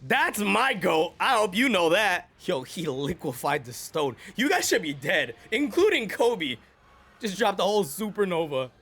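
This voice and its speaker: A high, bright male voice that swings wildly between muttered asides and excited shouting. He reacts to an anime with loud, slangy hype, his pitch leaping up whenever he gets worked up. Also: measured pace, slightly rough.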